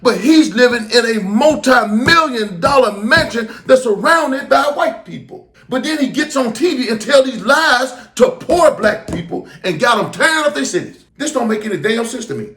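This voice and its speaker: A middle-aged man hosts his own street talk channel, delivering impassioned, preachy commentary with emphasis. His voice is very high-pitched, animated and fairly bright, moving at a moderate pace with hardly any pauses, in a roomy, echoing recording.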